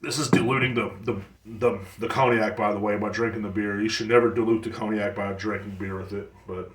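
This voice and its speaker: A man's voice: lowish voice, fairly even intonation, fairly quick, recorded from a distance, a little hiss or hum. Man, 30s, podcast host, rambling, profane, echoey room, a little off-mic. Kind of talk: casual solo podcast monologue.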